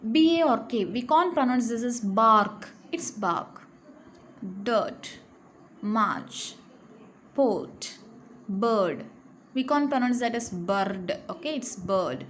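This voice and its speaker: Woman teacher, unhurried, careful word-list reading, slightly high voice, faint hiss. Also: expressive. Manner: slow, careful reading of word lists and example questions. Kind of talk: recorded online English lesson.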